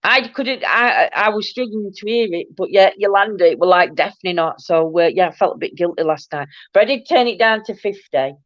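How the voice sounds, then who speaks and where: A woman's voice: mid-range voice, brisk, few pauses, no room sound, lo-fi sound. A woman with a broad Barnsley Yorkshire accent, hosting a chatty livestream and laughing often as she reads viewer comments. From Yorkshire, England. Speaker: livestream host. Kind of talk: casual chat reading viewer comments.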